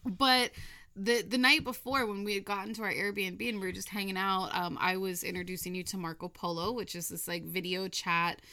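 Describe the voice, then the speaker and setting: Bright-voiced woman co-hosting a chat. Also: mid-range voice, moderate pace. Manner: laughing, swears casually, animated. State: sleepy. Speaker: podcast co-host. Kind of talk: casual chat.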